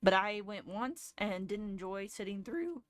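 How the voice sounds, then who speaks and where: A woman's voice: medium pitch, animated, measured pace, a bit bright, dry recording. A woman in her twenties, a streamer, telling a long casual story with lots of fillers and self-corrections. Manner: rambling, lots of fillers and restarts.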